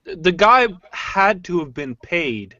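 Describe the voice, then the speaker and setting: A man's voice: sits high, big pitch swings, slow pace, pushed and bright, no echo, lo-fi sound. A man from Norway chatting casually with friends in a live group hangout, stammering, restarting and swearing often.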